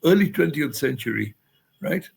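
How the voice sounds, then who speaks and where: A man's voice: a little high, lively intonation, moderate pace, gravelly, slightly rough. An older man from India, telling stories in an interview and acting out the dialogue he quotes. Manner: anecdotal, acts out quoted dialogue. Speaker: guest writer. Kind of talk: interview storytelling.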